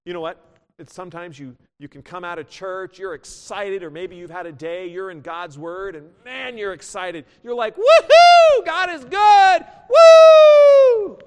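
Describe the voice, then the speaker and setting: A pastor delivers his sermon in a church sanctuary, his voice sitting a little high for a man. He swings from loud emphatic bursts to quiet asides and reads scripture in older biblical wording. Every line trails off into a long hall reverb.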